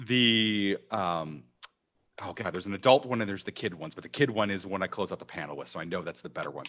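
A man with a deep, low voice tells a long anecdote about running a game for kids. He talks in an animated, emphatic way, full of fillers and restarts, as in a casual panel chat. The sound is somewhat dull and lo-fi. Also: fairly quick, a little hiss or hum. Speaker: game master telling a story.

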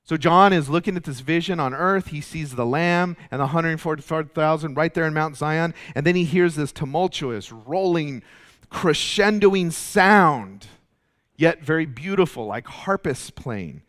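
Emphatic man preaching, slightly high voice. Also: a little slow, fairly bright tone. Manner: emphatic, repeats words when stressing a point. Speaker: pastor. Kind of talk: sermon.

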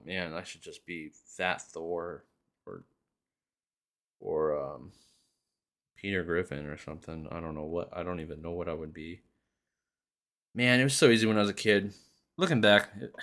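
A man's voice: low-pitched, a bit bright. A man, hosting a solo podcast and telling rambling, profane stories in a casual chat. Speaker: podcast host.

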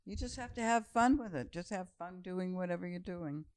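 A woman's voice: fairly low pitch, a little fast, a little mellow, no room sound. An older woman who raised her children, chatting in an encouraging way. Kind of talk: casual chat.

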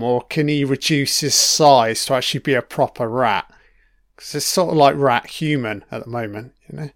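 A man's voice: a little high, no room sound, studio quality. A man giving a casual, profane commentary while watching a TV series, chatty and reacting as he goes. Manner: sweary, chatty, reacting to the screen.

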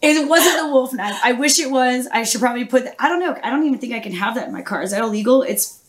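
A young woman chats on a podcast in a casual, profane style. She throws herself into her stories with lots of energy. Her voice sits a little high. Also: quick pace. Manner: profane, animated storytelling. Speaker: podcast co-host. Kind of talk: casual chat.

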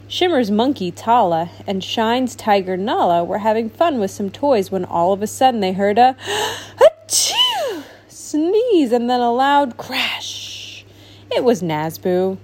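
A woman reading a children's storybook aloud with animated, expressive narration. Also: a little high. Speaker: storybook reader.

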